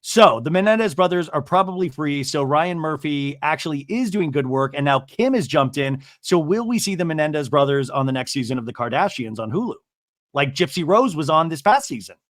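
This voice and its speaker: A male podcast host from Montana with a deep radio announcer voice, chatting casually and rambling through quick asides. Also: lively intonation, no room sound, studio quality. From Montana, USA.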